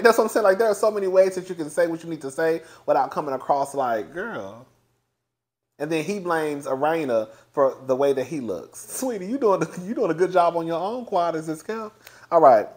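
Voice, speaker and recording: Sassy, chatty man reviewing reality TV. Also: on the high side. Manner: sassy, chatty, swears, laughs often. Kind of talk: casual commentary.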